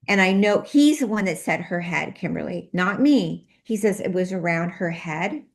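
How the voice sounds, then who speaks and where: A woman's voice: lowish voice, expressive, normal speed. A woman guest, a medical intuitive, earnestly relaying messages in an interview and quoting them in a repeated 'he says' pattern.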